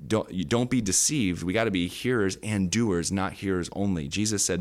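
A man's voice: low voice, moderate pace, few pauses. A man co-hosting a church podcast, teaching earnestly on scripture in casual talk, searching for words with many fillers. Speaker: podcast co-host. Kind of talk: conversational Bible teaching. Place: indoor podcast studio.

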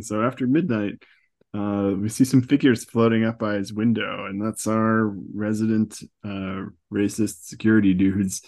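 A man's voice: fairly low pitch, vocal fry, a little mellow. A man hosting a podcast, casually recapping a comic book with fillers and chuckles. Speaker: podcast host.

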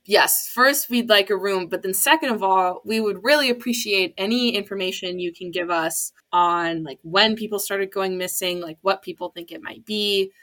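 A woman playing a tabletop game, speaking earnestly with quick, giggly banter. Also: medium pitch, a bit bright. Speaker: player.

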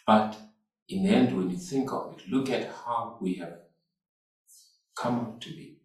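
Male pastor; slow, repetitive preaching, heard from afar in a reverberant church hall. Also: fairly low pitch, darkish tone. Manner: slow, repetitive preaching with call-outs to the congregation. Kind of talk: sermon. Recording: echoey hall, mic far off.

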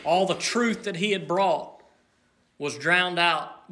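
A male preacher delivering a sermon at a deliberate, unhurried pace. His voice sits a bit high and rings bright and forceful. He swings from loud emphasis down to a near hush. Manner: slow, earnest preaching that rises loud and drops to near hush.

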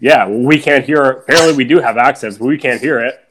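A man's voice: mid-range voice, fast, fairly bright tone, a little hiss or hum. Laid-back young Canadian man. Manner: laid-back, lots of "like" fillers, teasing. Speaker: podcast co-host. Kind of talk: casual chat.

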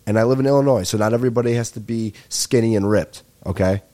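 A man, rambling excitedly and swearing through a comedic podcast monologue as host. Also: fairly low pitch, fast. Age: 20s.

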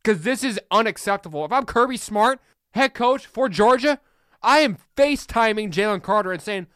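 A man's voice: high-pitched, animated, moderate pace, fairly bright tone, smooth, no room sound. A man hosting a solo sports podcast, fired up and blunt, ranting with preachy repeated lines into a close mic. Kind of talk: opinionated solo podcast rant.

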